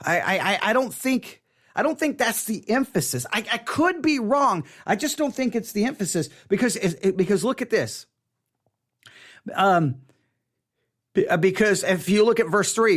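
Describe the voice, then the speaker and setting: Earnest male Bible study teacher, high and very animated voice, stumbles and restarts, repeats for emphasis. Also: moderate pace.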